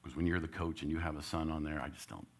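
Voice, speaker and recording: A man giving a church talk, telling a personal story and loudly acting out what he said as a coach. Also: very deep voice, fast talker. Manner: animated storyteller, gets loud acting out his own coaching. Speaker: church speaker.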